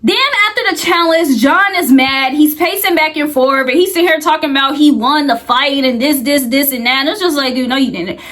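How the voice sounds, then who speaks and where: A woman's voice: sits high, fairly quick, hardly any pauses, a bit bright. A woman casually recapping a reality show, rambling and chatty with lots of filler words.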